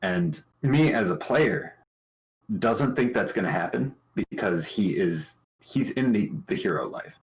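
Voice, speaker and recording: Very low-voiced man chatting casually. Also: animated, gravelly, poor audio. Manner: thoughtful, halting, many restarts. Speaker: tabletop game player on a talk show. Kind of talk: casual chat about his character.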